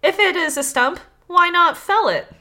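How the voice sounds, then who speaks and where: A woman's voice: a little high, big pitch swings, a little slow, sharp tone, full character voice. A woman reading aloud as a scheming female fox who scolds and mocks, in a casual podcast storytelling read. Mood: chiding.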